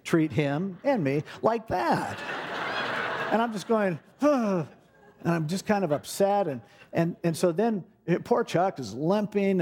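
Middle-aged man, pastor telling a sermon story, animated and expressive, voice sits a bit high. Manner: animated storytelling, acting out quoted speech.

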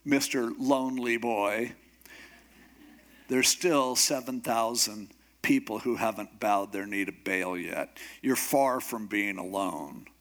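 A man's voice: on the low side, takes it slowly, a bit bright, voice pushed down. A man voicing God as a blunt, matter-of-fact boss who speaks in a casual, wry, offhand way. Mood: teasing.

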